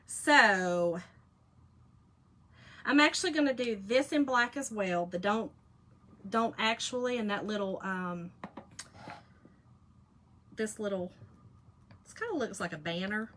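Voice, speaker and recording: A woman's voice: medium pitch, takes it slowly, pauses often, bright, forceful tone, a little hiss or hum. A woman, hosting a casual craft live stream, chatty and folksy, teasing her viewers. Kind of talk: casual crafting demo chat.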